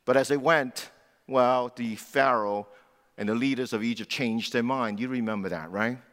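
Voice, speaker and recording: A man preaching a sermon, telling a story with animated delivery and acting out the voices of the people he quotes. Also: mid-range voice, moderate pace, big-room sound. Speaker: pastor.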